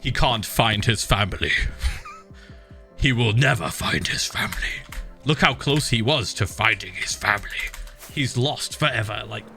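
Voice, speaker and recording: A man's voice: lowish voice, lively intonation, measured pace, creaky, sharp tone, soft background music. A man streaming a game, chatting casually and animatedly, swearing and laughing often. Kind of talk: casual livestream chat while gaming.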